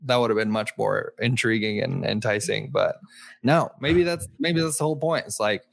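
A man co-hosting a casual chat about a book, relaxed and full of fillers. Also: on the low side, moderate pace, gravelly, no echo.

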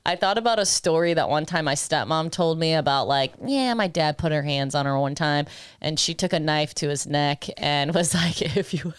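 A woman with a fairly low voice tells a story in loose, casual podcast chat. She laughs a lot, swears freely and acts out what she once said. The sound is close and dry. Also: moderate pace, clear, resonant tone, no room sound. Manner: laughs often, swears freely, acts out her own past lines. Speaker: podcast co-host.

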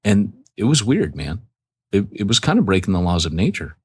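A man co-hosting a podcast, bantering in a relaxed, joking way. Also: sits low, brisk, slightly rough, dry recording, studio quality. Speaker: podcast co-host. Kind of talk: casual podcast chat.

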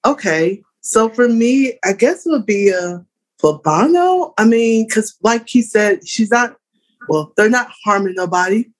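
A woman's voice: a little high, lively intonation, a little slow. A chatty woman on a casual panel, thinking aloud as she gives her opinion. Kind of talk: casual group chat.

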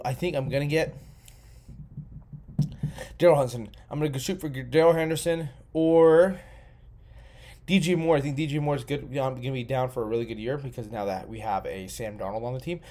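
A young man hosting a podcast, talking casually and rambling with lots of swearing while getting tipsy. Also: medium pitch. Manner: profane, rambling, excitable. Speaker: podcast host. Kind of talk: casual solo commentary.

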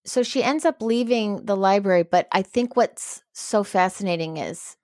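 A woman co-hosting a podcast, chatting about a book in a lively, casual way. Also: mid-range voice, normal speed, no room sound, clean studio sound. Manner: animated, chatty, reacts with disgust and laughter.

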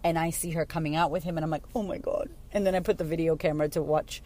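A woman's voice: sits low, steady tone, rapid-fire, mellow. A woman in her thirties hosting a podcast for mothers, talking casually and bluntly, swearing freely as she tells stories. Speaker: podcast host and mom coach. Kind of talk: casual talk to listeners.

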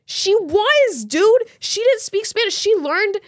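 A woman's voice: very high voice, lively intonation, slow pace, no room sound, studio quality. A woman co-hosting a podcast, telling a story in casual chat with slang and lots of fillers. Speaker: podcast co-host.

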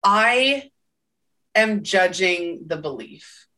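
Bright emphatic woman, distant mic. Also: fairly low pitch, animated, drawn-out words. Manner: emphatic, tags statements with "right?". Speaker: podcast co-host. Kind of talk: casual conversational podcast.

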